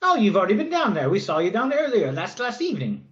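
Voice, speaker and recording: A man's voice: high voice, wildly swooping pitch, fast, a bit bright, pitched above the performer's own voice, exaggerated voice. A man voicing a genteel widowed lady, gracious and polite, in a lo-fi recording.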